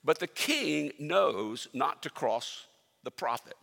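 Husky, animated man preaching in a hall. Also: fairly high pitch, takes it slowly. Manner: animated storytelling, swinging between loud and hushed. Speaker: pastor. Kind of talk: sermon. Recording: long hall reverb.

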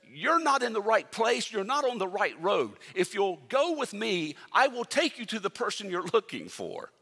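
A man voicing a calm, commanding ancient prophet within a sermon story, in a reverberant hall. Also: high-pitched, normal speed, creaky, breathy edge, voice pushed up, exaggerated voice. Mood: reassuring.

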